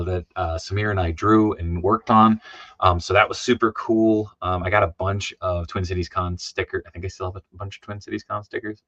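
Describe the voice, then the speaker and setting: A man's voice: low voice, fairly bright tone, no room sound. A tired man chatting casually on a livestream, rambling with many fillers and restarts and reading chat messages aloud. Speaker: comic artist streaming live. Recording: dry, dull lo-fi sound.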